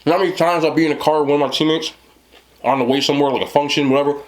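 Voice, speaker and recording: On his eating show, a New Jersey man in his thirties tells a meandering story rapid-fire, his voice on the high side and fairly even. He laughs frequently and keeps asking if you know what he's talking about.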